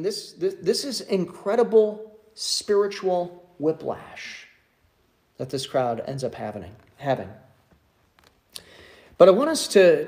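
A male pastor preaching a sermon, reading scripture and then retelling it in a lively way with many restarts. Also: on the high side.

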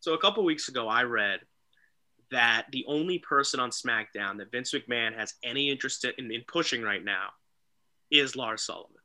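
A man co-hosting a casual wrestling talk show, excitable and animated, often mimicking people. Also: medium pitch, normal speed. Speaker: podcast co-host.

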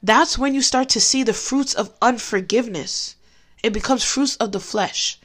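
A woman giving a personal Christian testimony in a candid, conversational way, slowing down to stress key phrases. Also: on the high side, fairly bright tone. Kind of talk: personal faith talk.

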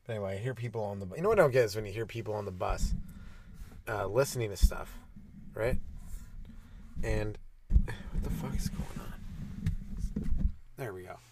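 A young man hosting his own comedy podcast, riffing and ranting alone with lots of swearing and quick mocking asides. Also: on the low side, mellow, slight background noise. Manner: profane, riffing, mocking voices mid-rant. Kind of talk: rambling solo comedy podcast.

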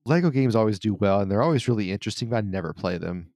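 A man's voice: lowish voice, lively intonation, racing, darkish tone, dry recording, studio quality. A man co-hosting a casual gaming podcast, grumbling through dismissive, profane rants. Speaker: podcast co-host.

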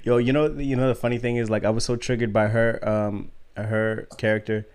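A man's voice: mid-range voice, a little fast, smooth. Emphatic, slangy man podcast co-host. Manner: animated, emphatic, slangy, laughs often. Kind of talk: casual chat.

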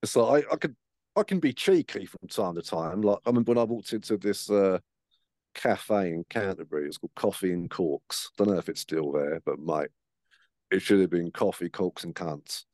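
A man's voice: sits low, expressive, normal speed, a little mellow, dry recording, clean studio sound. A man chatting casually on a podcast, swearing freely and acting out the voices in his stories. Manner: sweary, storytelling with acted-out voices. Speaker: podcast co-host. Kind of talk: casual chat.

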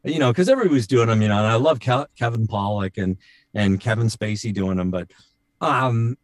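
A man's voice: mid-range voice, animated, fairly quick, no room sound, studio quality. Rambling man in casual chat. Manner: rambling, with fillers and sudden voice demos. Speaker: voice actor and impressionist.

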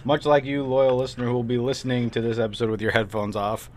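A man's voice: mid-range voice, little pitch movement, quick pace, a little mellow, slight background noise. A man co-hosting a casual lunchtime podcast in an office, teasing his co-host and telling jokey stories. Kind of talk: casual chat while eating lunch.

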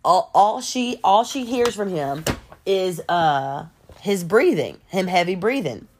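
A woman telling a story on her home podcast, animated and chatty, full of asides. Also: lowish voice, slow pace, slight background noise. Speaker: podcast host. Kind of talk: casual storytelling.

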